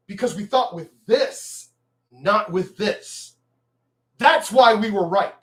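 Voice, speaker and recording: A man's voice: high voice, sing-song, unhurried, fairly bright tone. A man from El Paso, Texas, ranting angrily about the news in a profane, mocking, emphatic vlog. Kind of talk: profane political rant.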